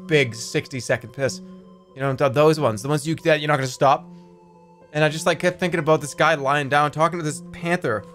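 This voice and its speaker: A man's voice: fairly high pitch, fairly bright tone. A man streaming, chatting casually and reading a text adventure aloud in a rambling, giggly, profane way.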